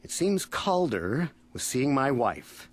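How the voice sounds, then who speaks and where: A man's voice: medium pitch, very animated, slow, dry recording. A man voicing a defensive, flustered middle-aged settler suspect in a video game, speaking earnestly. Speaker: game character. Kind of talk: studio video game voice acting.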